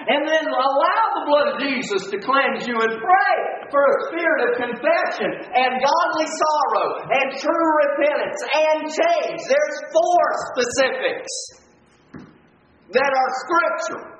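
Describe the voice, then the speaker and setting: A man's voice: unhurried, fairly bright tone, muffled recording, a little hiss or hum. A man preaching a sermon, emphatic, often repeating his points and asking "all right?" to his listeners. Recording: echoey distant low-fi room recording.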